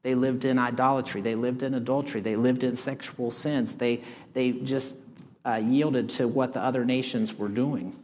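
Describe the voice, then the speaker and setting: A man's voice: medium pitch, steady tone, normal speed, a little mellow. A man pastor delivering a sermon, asking the congregation rhetorical questions and reading scripture aloud. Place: church sanctuary. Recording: long church reverb.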